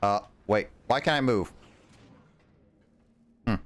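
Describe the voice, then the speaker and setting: A man's voice: lowish voice, takes it slowly. A male streamer chatting casually while playing a game, rambling with plenty of fillers. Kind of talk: casual chat while gaming.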